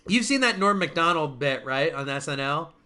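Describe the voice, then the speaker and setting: A man with a bright, fairly high voice hosts a casual online chat. He rambles, restarts his sentences and laughs often. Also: expressive, moderate pace. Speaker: stream host.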